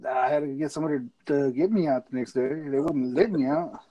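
A man's voice: on the high side, brisk, mellow, lo-fi sound. A man telling a rowdy, profanity-laced story in casual chat.

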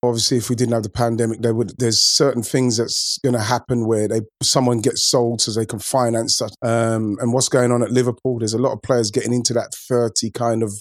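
A man's voice: mid-range voice, flat delivery, fairly quick, hardly any pauses, no echo, clean studio sound. Casual man chatting football. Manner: loose, repeats words, says "bro". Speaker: podcast host.

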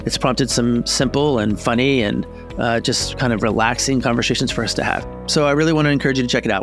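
A man hosts a podcast, reading a sponsor message in a loose, chatty way. His delivery is relaxed and full of fillers. Faint guitar music plays under the voice. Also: mid-range voice. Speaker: podcast host. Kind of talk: ad read, casual chat.

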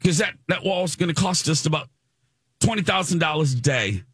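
A man's voice: a little high, animated, fairly quick, a bit bright, slightly rough, no room sound, clean studio sound, pitched above the performer's own voice. A man putting on a curt, dismissive set designer. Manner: blunt, no-nonsense, clipped.

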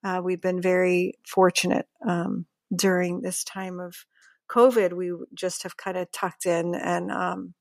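A middle-aged woman from Pittsburgh, guest yoga teacher, chatting in a relaxed way with many fillers and laughs. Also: fairly low pitch, vocal fry, no room sound, studio quality. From Pittsburgh, Pennsylvania. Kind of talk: casual conversation.

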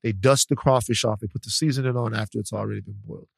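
A man from Louisiana co-hosting a podcast, talking in an animated, joking way full of restarts. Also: on the low side, quick pace, gravelly, no room sound. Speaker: podcast co-host. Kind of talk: casual chat.

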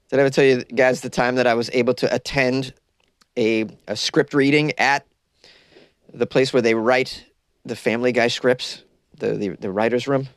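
A man's voice: mid-range voice, a bit bright, no room sound, studio quality. A young man hosting a comedy podcast from a closet, rambling loosely and mocking himself while caffeinated and stoned.

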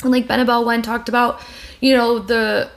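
A young female podcast host and video creator talks openly about making videos in a loose, rambling chat with many fillers and restarts. Her voice is highish, creaky, and level in tone, moving at a normal speed.

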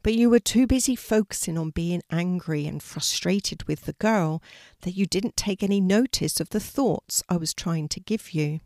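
A woman voicing a gentle female guardian angel who speaks softly and patiently in a storybook reading. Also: fairly low pitch, normal speed, dry recording, clean studio sound, close to an everyday voice. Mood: advising. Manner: soft, patient, advising.

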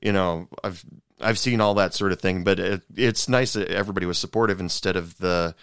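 Low, smooth-voiced man chatting casually. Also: brisk, fairly bright tone, dry recording, studio quality. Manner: rambling, many fillers and restarts, laughs often. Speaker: podcast co-host, former server. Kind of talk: casual chat.

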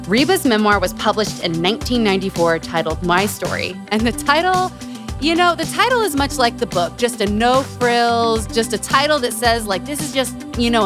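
A woman hosting a podcast in casual chat, chatty and bubbly, laughing often. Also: medium pitch. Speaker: podcast host.

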